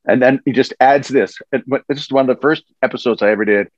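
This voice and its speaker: An older man telling animated stories as a guest in a casual interview. He laughs as he talks and often restarts his sentences. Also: medium pitch, fast, no room sound. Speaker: voice actor guest. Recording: dull dry lo-fi sound.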